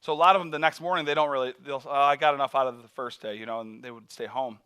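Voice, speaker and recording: Guy preaching and telling stories, acts out voices, laughs a lot, bright tone. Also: medium pitch, fast talker, clean tone. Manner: animated storyteller, acts out voices, laughs often. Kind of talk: sermon storytelling.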